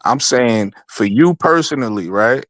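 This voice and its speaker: A man arguing sports picks in a casual podcast debate, cutting in again and again and pressing his co-host for a straight answer. His voice sits at an ordinary pitch and sounds dry and close, with no room around it. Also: lively intonation, measured pace, fairly bright tone, dry recording. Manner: insistent, interrupting, pressing for a direct answer.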